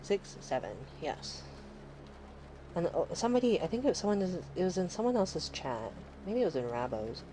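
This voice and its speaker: A woman's voice: on the low side, very animated, normal speed, dark tone, a little hiss or hum, poor audio. A woman in her thirties chatting casually on a live stream, rambling and sarcastic, swearing freely.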